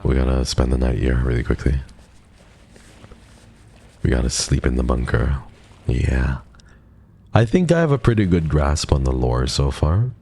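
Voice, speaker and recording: A man's voice: very deep voice, animated, measured pace, pauses often, warm tone, a little hiss or hum. A man chatting playfully with viewers while live-streaming a horror game, jumpy and talkative. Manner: playful, jumpy, chatty with viewers, drops to a whisper when scared. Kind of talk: casual live-stream chat while gaming.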